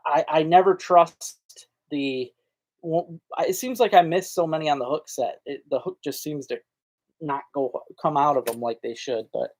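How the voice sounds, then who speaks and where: A man with a slightly high-pitched voice hosts a casual live fishing stream. He talks in a folksy, rambling way and answers comments from chat as they come in. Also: moderate pace, a little mellow. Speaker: fishing channel host.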